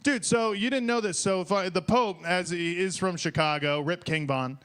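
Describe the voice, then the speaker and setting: A young man from Detroit doing a profane, excitable, rambling stand-up set on stage at a small bar open mic. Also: high voice, normal speed, clear, resonant tone.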